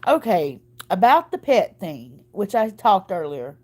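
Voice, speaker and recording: A woman's voice: mid-range voice, very animated, a little slow, husky. A woman, chatting casually to her viewers in a folksy, rambling way, her voice choked up from earlier crying. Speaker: vlogger.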